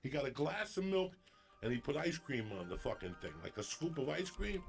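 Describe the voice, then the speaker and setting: A man's voice: on the high side, brisk, gravelly, soft background music. A man in his fifties from New Jersey, telling a story on a podcast, swearing freely and acting out the people in it. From New Jersey, USA. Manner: profane, animated, acts out quotes. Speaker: podcast guest.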